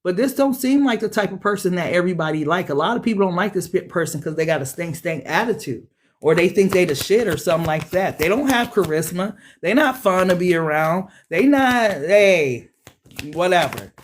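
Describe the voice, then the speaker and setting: A woman giving a casual tarot reading, talking straight to viewers in a blunt, profane way that jumps into high, excited bursts. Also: a little fast, slight background noise. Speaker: tarot reader.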